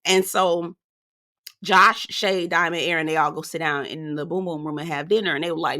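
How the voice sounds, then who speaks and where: A woman's voice: sits low, steady tone, moderate pace, bright, forceful tone. A woman giving casual commentary on a reality TV show, sassy and outspoken, talking straight to her viewers. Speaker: reality TV reviewer.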